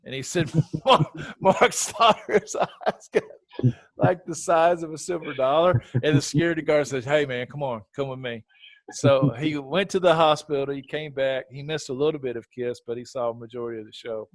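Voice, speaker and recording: A man's voice: fairly high pitch, normal speed, dry recording. A man hosting a podcast, telling a story in a casual chat and acting out the quotes. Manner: animated storyteller, acts out quotes. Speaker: podcast host.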